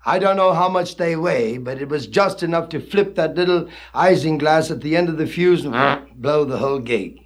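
A man's voice: on the high side, moderate pace. A man performing a comic poem recitation in hipster jive slang, with a theatrical, dramatic delivery.

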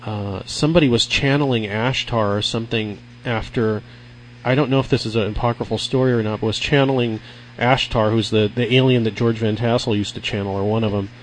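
A man's voice: lowish voice, steady tone, brisk, a little hiss or hum, rough recording. A man who writes on the topic, explaining things in a casual, wry way as a radio guest. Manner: explanatory, wry, some restarts.

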